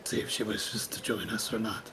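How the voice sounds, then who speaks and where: A man voicing a gruff adventurer in a tabletop game who speaks in stilted, oddly formal grammar. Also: lowish voice, fairly even intonation, normal speed, background noise, lightly acted. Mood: stiff.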